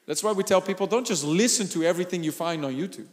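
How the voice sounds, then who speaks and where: A pastor preaching a sermon, animated, laughing and shouting for emphasis. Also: male voice, high voice, quick pace, long reverb tail.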